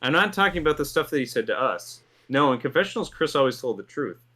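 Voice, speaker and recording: A man's voice: medium pitch, big pitch swings, fast, bright, forceful tone. A man hosting a commentary show, reading a script in an amused tone and laughing through his lines. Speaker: host.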